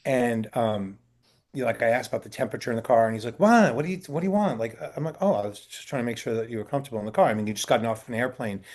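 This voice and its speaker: This talent agent talks rapid-fire in a mid-range, slightly mellow voice with fairly even intonation. Sitting for an indoor interview, he answers casually with long anecdotes, performs the voices of people he quotes, and fills his speech with fillers and restarts.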